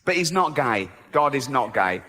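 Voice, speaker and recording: A man's voice: medium pitch, big pitch swings, normal speed, bright, forceful tone, a little hiss or hum. A man doing stand-up comedy on a large theatre stage, sarcastic and profane with mock indignation, on a handheld mic. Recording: long theatre hall reverb.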